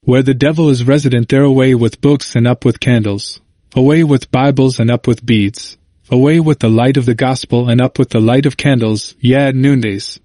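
A man's voice: mid-range voice, steady tone, moderate pace, mellow, no echo, studio quality, natural voice. A man reading a zealous, ironic reformer preacher. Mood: preaching, ironic. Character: zealous male reformer preacher, sharp irony.

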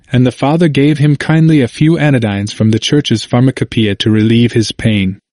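A man reads an old history aloud in a measured, earnest manner. His voice is mid-pitched and plain, recorded dry and close with no room sound. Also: a little mellow, no room sound. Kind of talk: reading a historical text aloud.

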